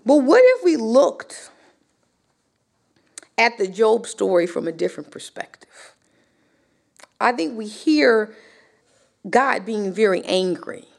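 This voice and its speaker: Lady preacher, slow and drawn out, big swoopy pitch, gets fired up. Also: gravelly. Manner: impassioned, climbing to near cries; conversational preaching with rhetorical questions. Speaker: Bible teacher. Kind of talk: sermon.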